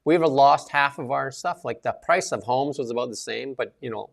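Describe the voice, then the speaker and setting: A man's voice: mid-range voice, brisk, vocal fry. A middle-aged man co-hosting a casual political chat, rambling with many fillers and restarts. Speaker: co-host.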